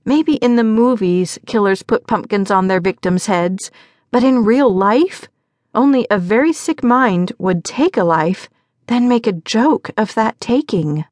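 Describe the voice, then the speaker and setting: A woman narrates a mystery audiobook in a mid-range voice. She gives the characters slight shifts in pitch as they speak. The recording is dry and close, with no room sound. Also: lively intonation, a little slow, a little mellow, no echo. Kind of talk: scripted narration.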